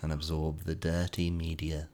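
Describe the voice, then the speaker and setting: A man's voice: a bass voice, monotone, normal speed, mellow. A man co-hosting a casual podcast, teasing his partner with dry, short remarks. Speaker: podcast co-host. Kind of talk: casual chat. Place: indoors, in-person podcast recording.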